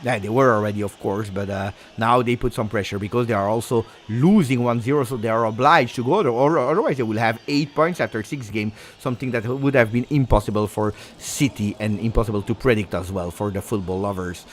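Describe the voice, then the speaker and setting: A man with an Italian accent doing live fan commentary on a match, excitable, throwing in Italian exclamations and talking to his viewers. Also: on the low side, a little fast, few pauses, slight background noise. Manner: excitable, switches into Italian exclamations, talks to chat.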